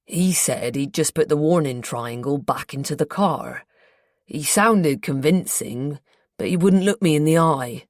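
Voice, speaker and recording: A woman voicing an earnest, guarded local man with a North Devon accent, in a slow, confiding, colloquial way, for an audiobook. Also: low-pitched, darkish tone, no room sound, studio quality. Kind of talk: audiobook character voice.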